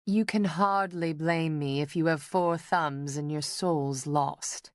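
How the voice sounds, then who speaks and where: A woman voicing a smooth, teasing young artist. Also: steady tone, slow, no room sound. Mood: cool teasing. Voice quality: low and smooth. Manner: dry, teasing, unbothered. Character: sly, poised young woman, an artist daughter. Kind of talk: audiobook character voice.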